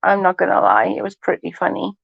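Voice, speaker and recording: A woman's voice: mid-range voice, little pitch movement, a little fast, vocal fry, husky, no echo. A chatty woman hosting a casual livestream, swearing freely and laughing often as she chats with viewers. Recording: dull lo-fi stream audio.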